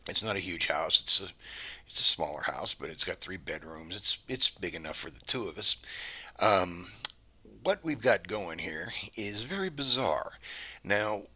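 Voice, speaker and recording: A man speaks in a low, husky voice with a sharp, edgy tone. He tells a story to camera in a casual, rambling way, doubling back and restarting his sentences as he goes. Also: expressive, measured pace. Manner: meandering, conversational, many restarts. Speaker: channel host.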